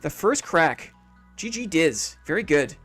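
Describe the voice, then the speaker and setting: A man's voice: fairly high pitch, big pitch swings, measured pace, a bit bright, soft background music. A man streaming a game live, chatting casually with viewers in a playful, mock-formal, upbeat way.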